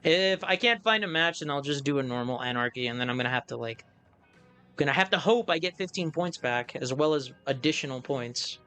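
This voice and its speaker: A man's voice: medium pitch, lively intonation, a little fast, sharp tone, clear, resonant tone, soft background music. A man streaming a game, chatting casually and thinking aloud in a self-amused way. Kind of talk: casual live-stream commentary.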